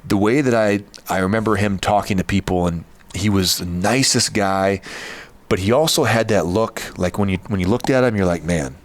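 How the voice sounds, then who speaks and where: A man with a very low voice tells a long personal story on a fitness podcast. He talks casually and earnestly, circling back and restarting his sentences as he goes. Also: normal speed. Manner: earnest, rambling, with frequent restarts. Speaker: podcast host.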